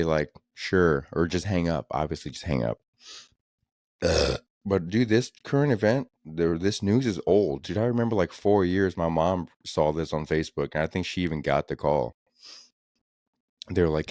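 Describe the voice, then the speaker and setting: A young man with a very low, deep voice rants his way through a casual comedy podcast. He talks in loose, profane, exasperated bursts. The sound is close and dry, with no room around it. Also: darkish tone, no echo. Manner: rambling, profane, exasperated ranting. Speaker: podcast host.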